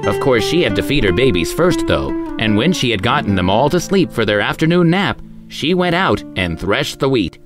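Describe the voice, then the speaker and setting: A man hosting a story show and reading a children's tale aloud in an expressive, sing-song way. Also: medium pitch, normal speed, few pauses, over loud music. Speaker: storyteller host.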